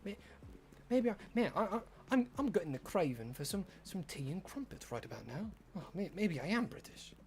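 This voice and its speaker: A streamer putting on a posh, genteel Briton who dreams of tea, speaking in a lower, softer mock-posh drawl. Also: expressive, takes it slowly, pauses often.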